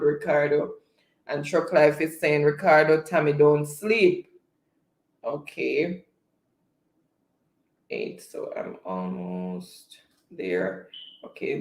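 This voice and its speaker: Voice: medium pitch, vocal fry, darkish tone, echoey room. A quiz host running a live spelling game, chatting casually and reading viewers' comments aloud. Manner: unhurried, chatty, reads out comments.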